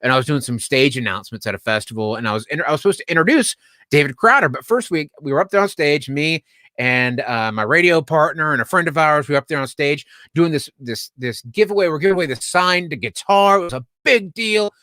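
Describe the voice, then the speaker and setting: A man hosting a podcast livestream, telling a story in a casual, animated way, laughing often and acting out the voices of the people in it. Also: fairly high pitch, fairly quick, no room sound, studio quality. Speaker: podcast host.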